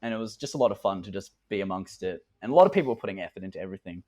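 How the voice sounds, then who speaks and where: A man's voice: low-pitched, animated, very fast, mellow. A teenage boy, a school drama student joking around in casual podcast chat. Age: teens. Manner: giggly, self-deprecating joking.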